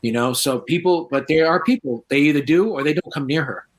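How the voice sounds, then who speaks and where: A man's voice: on the high side, fairly quick. A man, a paranormal researcher, telling stories in a casual interview and acting out the voices of the people he quotes. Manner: animated, acts out quoted voices.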